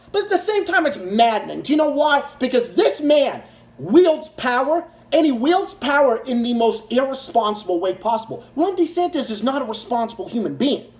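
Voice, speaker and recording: Angry ranting man, echoey room. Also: very high-pitched. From Massachusetts, US. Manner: angry, profane, repetitive. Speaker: political commentator. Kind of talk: ranting commentary.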